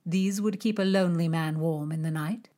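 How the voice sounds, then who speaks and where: A woman's voice: fairly low pitch, moderate pace, dark tone, natural voice. A woman doing a teasing young nobleman. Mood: wry, teasing.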